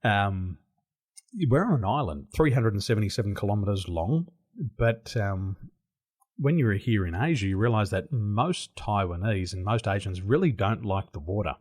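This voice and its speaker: An Australian man chats as a podcast guest. His voice sits low and carries a husky grain. He tells animated stories and laughs often. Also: normal speed. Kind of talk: casual interview storytelling. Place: home in Taiwan.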